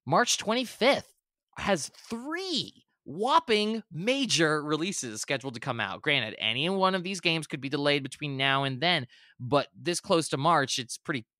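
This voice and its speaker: A man with a bright, forward voice co-hosts a podcast in loose, rambling chat. He backtracks and corrects himself often but stays eager. The sound is close and dry. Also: on the high side, no echo. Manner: rambling, self-correcting, enthusiastic. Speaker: podcast co-host. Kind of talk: casual chat.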